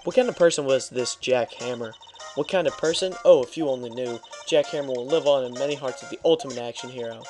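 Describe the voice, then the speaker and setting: A man's voice: mid-range voice, fast talker, a little mellow, soft background music, lightly acted. A man voicing a bossy, gossipy old woman security guard in a video game read-through, talking in a nagging, self-important way.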